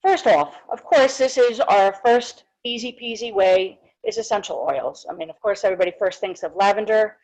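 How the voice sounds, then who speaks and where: A dental hygienist presents a live webinar in a medium-pitched, slightly mellow voice at a moderate pace, with few pauses, over a rough recording. She's chatty and informal, full of little asides, fillers and restarts.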